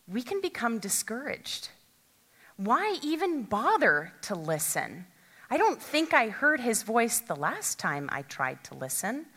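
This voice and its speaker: A woman's voice: medium pitch, bright, forceful tone. A woman preaching a sermon in an earnest, reflective storytelling manner. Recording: long hall reverb.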